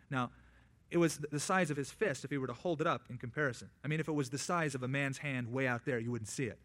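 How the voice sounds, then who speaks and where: A man preaching a sermon who tells the story vividly, swinging between loud, raised lines and quiet, hushed ones. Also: medium pitch, quick pace. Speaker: pastor.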